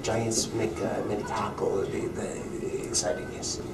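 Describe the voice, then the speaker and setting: A man's voice: lowish voice, normal speed, creaky, pitched below the performer's own voice. A man playing a Russian hockey fan with a put-on Russian accent and broken English, on a distant mic with some noise. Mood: deadpan. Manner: broken English, loud, deadpan joking.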